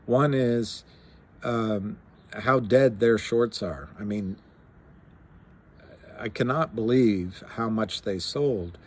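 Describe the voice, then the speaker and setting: A man's voice: lowish voice, takes it slowly, pauses often. A man hosting a live stream, chatting casually and rambling with many fillers and restarts, reading figures aloud. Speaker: livestream host talking stocks.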